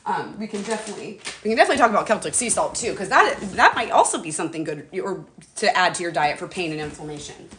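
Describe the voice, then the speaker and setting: A woman's voice: fairly low pitch, lively intonation, fast, fairly bright tone, a little hiss or hum. A middle-aged woman chatting casually on her livestream, emotional and talkative, often calling out to her viewers. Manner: chatty, emotional, addresses viewers as "you guys". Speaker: livestream host. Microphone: phone or webcam.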